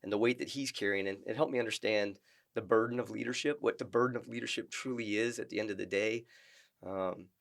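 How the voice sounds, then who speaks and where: A middle-aged man, a retired Marine, telling stories as a podcast guest in a halting, earnest way with many restarts. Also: lowish voice, steady tone, gravelly. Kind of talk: casual interview storytelling.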